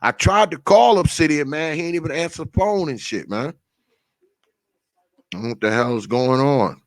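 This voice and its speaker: A man's voice: on the high side, lively intonation, moderate pace, no echo. A man hosting a casual livestream, greeting viewers by name with a profane, laughing, loose manner. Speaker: livestream host.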